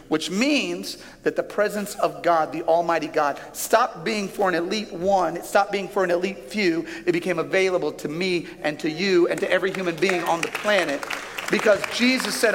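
A male pastor delivers a sermon with an animated, emphatic style, slowing down and lifting his voice for key lines. His voice sits a little high. A long reverb trails behind his voice in a large auditorium. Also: a faint crowd. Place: large church auditorium with a stage.

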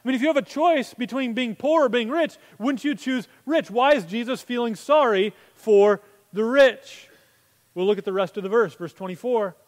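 A man's voice: extremely high pitch, normal speed, in a large hall. A man preaching a sermon as pastor, conversational and full of rhetorical questions.

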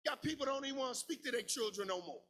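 A man preaching a sermon as pastor, in a shouted, sing-song cadence with lots of repetition. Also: extremely high pitch, expressive, fast talker.

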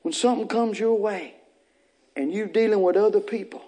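With a warm, high-pitched voice at normal speed, a man gives a sermon in the full, rhythmic style of a pastor facing his church. He keeps repeating phrases and rising into emphatic bursts to make his points land.

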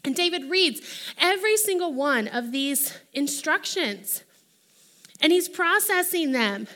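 Bright, high-voiced woman preaching. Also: measured pace. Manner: animated, acts out quoted voices. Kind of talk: sermon.

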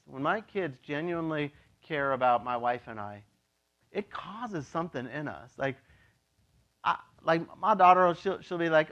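High-voiced, animated male pastor. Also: moderate pace, muffled recording. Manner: animated, acts out voices in his stories; chatty, with many "like" and "you know". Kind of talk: casual, joking sermon.

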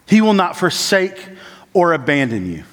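A man preaching a sermon with frequent "uh" and "like" fillers, who moves between raised, urgent lines and low, slow, quiet ones. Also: big pitch swings. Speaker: church planting resident preaching. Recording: long church-hall reverb.

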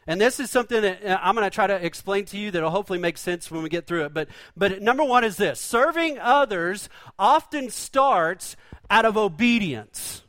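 A man's voice: high-pitched, animated, normal speed, a bit bright, no echo. A man preaching a sermon in a folksy, conversational way, full of rhetorical questions. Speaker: pastor.

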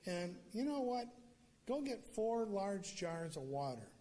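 A man's voice: sits high, big pitch swings, a little slow, dark tone. A man voicing a bold, mocking male prophet in casual modern speech during a sermon. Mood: commanding. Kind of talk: retelling a scripture scene in a sermon.

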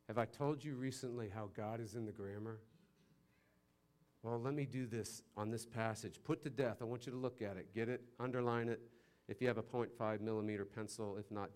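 A male pastor delivers a sermon that swings between loud, emphatic bursts and hushed, low passages. He adds playful asides in the manner of a teacher.

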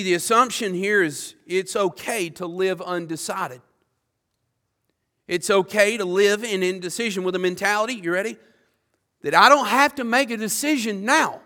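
A man preaching a sermon with passion, repeating words and swinging from quiet asides to loud declarations. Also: sits high.

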